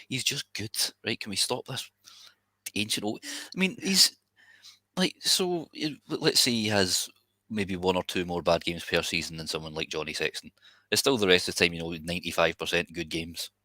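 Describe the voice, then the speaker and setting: A man's voice: low-pitched, expressive, a little fast, sharp tone, no room sound. A man co-hosting a rugby podcast, opinionated with wry asides. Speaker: podcast co-host. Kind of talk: casual chat.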